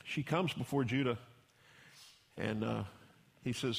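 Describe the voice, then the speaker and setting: A man's voice: mid-range voice, slow, gravelly, long pauses. A man pastor preaching a sermon in a folksy storytelling way, acting out the characters he describes.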